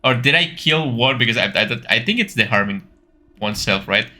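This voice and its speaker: A man's voice: mid-range voice, lively intonation, a little fast, bright, forceful tone. A man commenting while playing a story game, rambling and stammering, repeating words and laughing between thoughts. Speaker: game streamer. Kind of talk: let's-play commentary.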